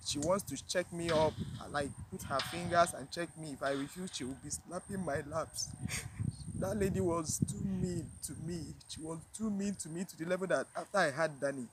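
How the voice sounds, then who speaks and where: A woman tells a personal story to her viewers, emotional and near tears, halting and repeating herself with sighs. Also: sits low, background noise. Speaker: vlogger.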